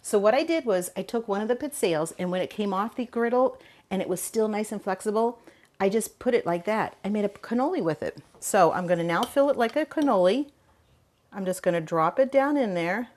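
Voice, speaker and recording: A woman's voice: medium pitch, a little mellow. Gushing older woman hosting a cooking show. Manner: enthusiastic, gushing, chatty. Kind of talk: cooking demonstration chat.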